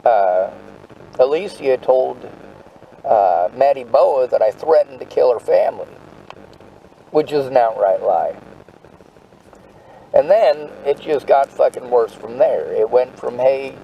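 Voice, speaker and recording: A man's voice: mid-range voice, lively intonation, slow, gravelly, pauses often, dull audio, slight background noise. A man telling his story in casual conversation, agitated and profane, often restarting his sentences.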